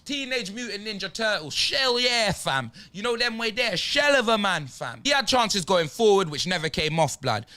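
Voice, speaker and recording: A young-sounding man rants through his team's player ratings. His voice sits high and swings widely, bright and sharp. He is slangy and exasperated throughout. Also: big pitch swings, normal speed, few pauses. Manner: slangy, exasperated, drops tag words like "fam" and "blood". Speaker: football fan giving player ratings. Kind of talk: animated fan rant.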